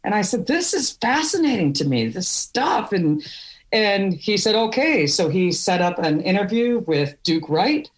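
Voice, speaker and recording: A woman's voice: mid-range voice, sing-song, measured pace. A middle-aged woman from Wisconsin, a podcast guest telling candid stories with laughs. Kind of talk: storytelling interview.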